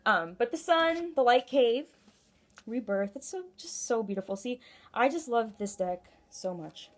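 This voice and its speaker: Her voice on the high side and expressive, this woman takes her time through an intuitive tarot reading aimed at the camera. The delivery is loose and gushing, packed with filler words and moments where she cuts herself off.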